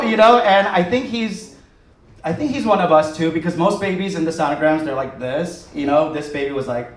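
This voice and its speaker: A man's voice: medium pitch, slight background noise. A man performing a stand-up comedy set with a wry, rambling, self-mocking delivery, live in a theater. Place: theater stage, live audience. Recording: echoey theater, far mic, crowd laughter.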